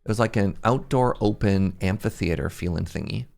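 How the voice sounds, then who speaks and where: A man's voice: fairly low pitch, moderate pace, gravelly, darkish tone. A young man streaming a game, chatting casually and rambling, laughing at himself often. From Canada. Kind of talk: casual livestream chat while gaming.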